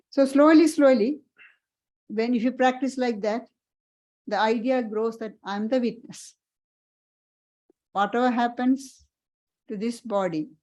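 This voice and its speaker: A woman monastic teacher giving a spiritual parlour talk, earnest and halting, often repeating and restarting her phrases. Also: on the high side, dark tone, poor audio.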